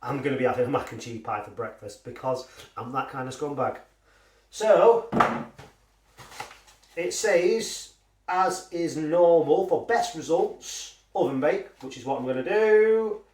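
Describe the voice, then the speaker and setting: A man's voice: fairly high pitch, a little slow, darkish tone, far from the mic. Rambling, swearing man in an echoey room. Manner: rambling, swearing, self-mocking. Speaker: food reviewer. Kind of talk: casual food review vlog.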